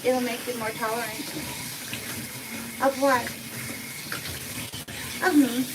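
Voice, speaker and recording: A woman's voice: fairly high pitch, fairly even intonation, slow. A woman cat groomer giving a live grooming demonstration, talking to the cat in playful sing-song baby talk. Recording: loud background noise.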